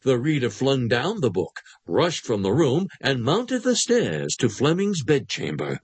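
Husky, expressive male storyteller. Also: mid-range voice, measured pace, no room sound. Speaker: narrator. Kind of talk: scripted narration of a literary short story.

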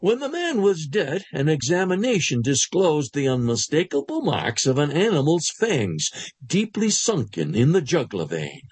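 A man narrating a literary short story aloud in an expressive storytelling manner. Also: a little high, normal speed, slightly rough, no room sound.

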